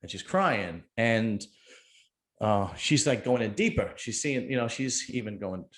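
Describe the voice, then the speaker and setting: A man's voice: fairly low pitch, animated, measured pace, a bit bright. A middle-aged man, hosting a casual chat and telling a rambling, joking story. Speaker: podcast host.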